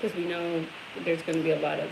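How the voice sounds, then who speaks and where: A woman's voice: low voice, level tone, fast talker, vocal fry, a little mellow, slight background noise, poor audio. Midwestern woman reading viewer comments. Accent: Midwestern American. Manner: chatty, reads comments aloud. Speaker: co-host of a farm livestream.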